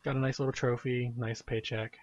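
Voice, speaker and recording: A man's voice: medium pitch, flat delivery, fairly quick, muffled recording, slight background noise. A man hosting a casual live gaming podcast, rambling in a laid-back way with small chuckles. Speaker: podcast host.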